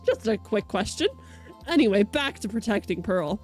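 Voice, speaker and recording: A woman's voice: mid-range voice, animated, moderate pace, breathy edge. Chatty young woman streamer. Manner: chatty, playful, swears freely. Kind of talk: casual game playthrough, reading dialogue aloud. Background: faint game music.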